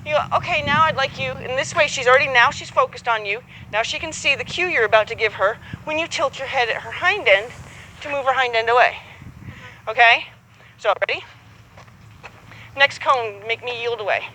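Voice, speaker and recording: A woman's voice: a little high, moderate pace, sharp tone, slight background noise, poor audio. A woman coaching a horsemanship student outdoors, patient and encouraging, acting out both horse and rider as she explains. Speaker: horsemanship instructor. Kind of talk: hands-on coaching.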